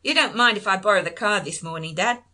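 A man's voice: sits high, quick pace, pushed and bright. Woman reading as an easygoing grown son. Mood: casual. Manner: casual, upbeat. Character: tall enthusiastic adult son, easygoing.

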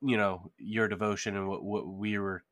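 A man's voice: lowish voice, steady tone, moderate pace, a bit bright. A man co-hosting a podcast, speaking earnestly and conversationally about faith, often saying "you know". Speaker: podcast co-host. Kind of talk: casual faith discussion.

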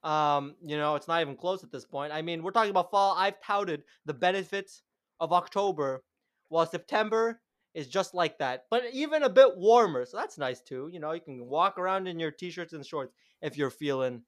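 High-voiced young man ranting. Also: animated, moderate pace, dry recording, clean studio sound. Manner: heated, swearing, sarcastic ranting. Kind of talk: casual chat.

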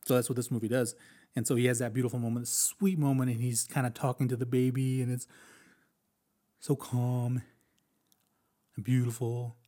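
A man casually talking through a war film he watched, animated and chatty, acting out lines from scenes and laughing often. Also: medium pitch, normal speed, long pauses. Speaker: movie reviewer.

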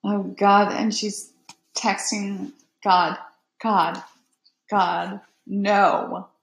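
Slow-talking excitable woman co-host. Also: medium pitch, gravelly. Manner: excitable, swearing, laughing reactions. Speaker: podcast co-host. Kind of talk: casual watch-along chat. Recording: echoey room.

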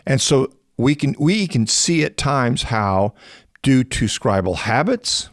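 In a dry, studio-quality recording, a man who is a biblical scholar teaches on a podcast in a conversational way. He gets animated and rises in pitch to stress points, often restarting phrases and slowing down to explain.

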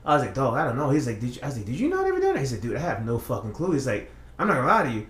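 A man's voice: medium pitch, expressive, very fast, fairly bright tone, roomy sound. A man on a casual podcast, telling a long story in a rambling, profane way with many restarts. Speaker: podcast co-host.

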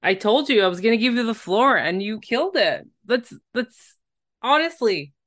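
A woman co-hosting a podcast, talking in a relaxed conversational way with frequent fillers. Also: a little high, normal speed. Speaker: podcast co-host. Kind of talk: casual reality-TV recap chat.

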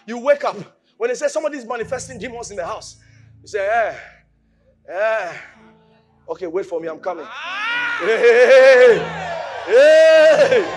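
A man preaching a sermon, animated, shouting at times, mimicking voices and laughing. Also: very high voice. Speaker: pastor.

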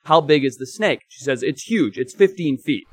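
Animated storytelling podcast man, dry mic. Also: fairly high pitch, normal speed, no echo. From Africa. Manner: animated storyteller, emphatic and swearing. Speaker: podcast co-host. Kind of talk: casual chat and storytelling.

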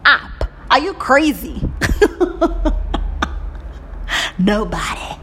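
A woman giving a dramatic motivational monologue, swinging between whispers and loud bursts and often laughing at herself. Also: mid-range voice, animated, slow pace, pauses often, a little hiss or hum. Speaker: motivational speaker.

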